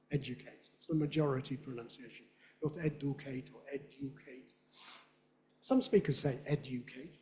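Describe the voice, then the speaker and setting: A middle-aged man with a Southern British accent giving a playful, animated lecture on phonetics and demonstrating sounds aloud. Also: fairly high pitch. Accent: Southern British English. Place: lecture hall.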